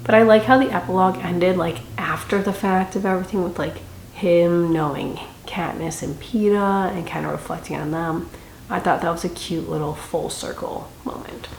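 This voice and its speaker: A woman's voice: lowish voice, normal speed, gravelly, a little mellow. A young woman giving a casual, chatty book review with dramatic reactions and rambling asides. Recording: echoey room with faint noise.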